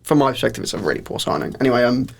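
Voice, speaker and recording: Creaky-voiced man chatting. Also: medium pitch, animated, very fast. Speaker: podcast co-host. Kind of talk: casual football chat.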